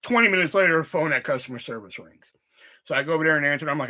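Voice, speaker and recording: A young man hosting a livestream, telling casual stories in an animated, profane way and acting out quotes. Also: sits high, fast talker. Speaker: livestream host. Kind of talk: casual storytelling chat.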